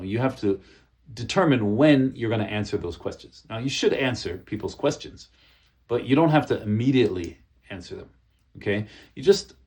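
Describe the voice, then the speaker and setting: A man teaching business English in a casual talk to camera. He checks in often with "okay?" and "you know", and calmly demonstrates useful phrases. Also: fairly low pitch. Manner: demonstrates phrases in a calm, friendly voice. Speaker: English coach.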